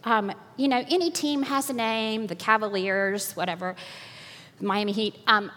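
A woman's voice: mid-range voice, moderate pace, a bit bright. An older woman giving an earnest, sermon-style talk with slides, telling stories with a laugh, in a hall with long reverb. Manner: earnest, preachy storytelling with laughs.

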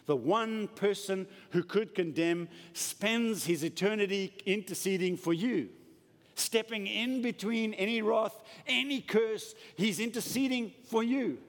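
A man delivers a sermon with emphatic, swinging delivery, his voice sitting a bit high and ranging widely. The sound carries a long reverb from a large church hall. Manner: emphatic, animated preaching. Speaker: preacher.

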